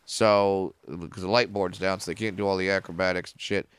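A man who is a comedian and a podcast guest, telling stories in a casual, profane and animated way. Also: low voice, fairly quick, clean tone.

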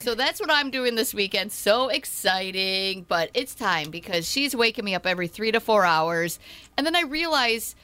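A woman in her thirties, a stay-at-home mom co-hosting, chatting in an animated way and laughing often. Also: medium pitch, normal speed, clean tone. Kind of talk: casual chat.

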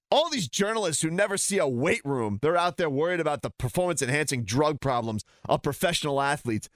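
A man's voice: a little high, fairly bright tone, no echo, clean studio sound. A man ranting heatedly and sarcastically as a sports talk host.

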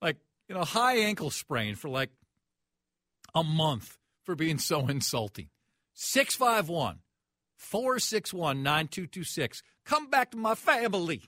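A man's voice: a little high, very animated, a little slow, pushed and bright, dry recording, clean studio sound. A man hosting a sports talk radio show, ranting in a mocking, incredulous way.

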